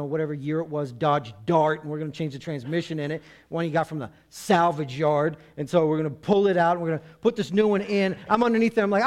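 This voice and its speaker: A middle-aged male pastor preaching a sermon in a conversational way, with humor and quick acted-out asides. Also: a little high.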